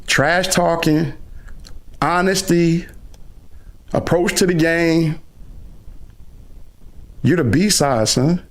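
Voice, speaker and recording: A middle-aged man, a gaming streamer, delivering a loud, aggressive trash-talking rant on a live reaction stream. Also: fairly high pitch. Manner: loud, aggressive trash talk, calls the other player "son".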